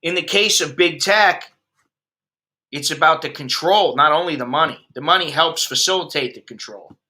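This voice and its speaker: This is a sharp-toned, fairly high male voice at a moderate pace, belonging to a US-born expat vlogger in his fifties. His livestream chat with viewers turns into blunt, profane ranting.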